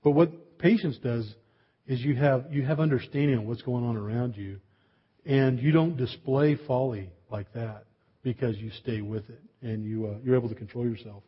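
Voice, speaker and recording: A man's voice: medium pitch, moderate pace, slightly rough, dull audio. A man preaching a sermon as pastor, telling a humorous everyday story with chatty asides to the congregation.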